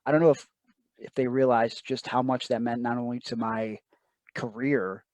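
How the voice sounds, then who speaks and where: A man's voice: medium pitch, fairly even intonation, moderate pace, darkish tone, no room sound. A man telling a personal story as an interview guest, earnest and emotional, often quoting others in asides.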